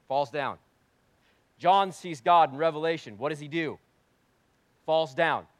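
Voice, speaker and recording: A man's voice: a little high, dry recording. Emphatic man preaching a sermon. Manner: swings between hushed and loud, emphatic; rhetorical questions answered himself. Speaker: pastor.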